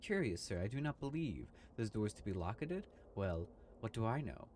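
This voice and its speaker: A man's voice: lowish voice, big pitch swings, moderate pace, a little mellow, slight background noise. A man voicing a fussy landlady who speaks in stilted, archaic language. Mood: prim. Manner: stilted archaic speech, thee and thou.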